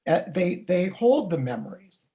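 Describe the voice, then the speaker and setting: Older guy telling grandparent stories, lively, higher voice. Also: unhurried. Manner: animated, vivid storytelling. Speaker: storyteller and Jewish educator. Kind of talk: storytelling talk.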